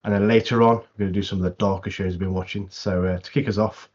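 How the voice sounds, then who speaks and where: Low-voiced man on a lo-fi podcast mic. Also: fast. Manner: relaxed, brief agreeing interjections. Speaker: podcast host. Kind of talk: casual podcast intro and chat. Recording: dull lo-fi sound.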